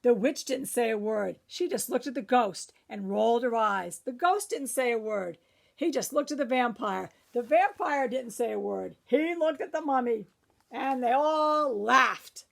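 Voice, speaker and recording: Lady librarian reading a kids picture book out loud, slow and gravelly, chatting to the kids between pages. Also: a little high, animated. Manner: chatty asides to young listeners. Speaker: children's librarian. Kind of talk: picture book read-aloud.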